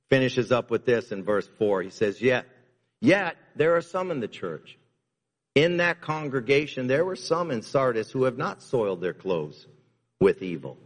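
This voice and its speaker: A man preaching a sermon as pastor, emphatic, repeating key lines and moving between loud and hushed delivery. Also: medium pitch. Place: church. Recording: long reverb of a church hall.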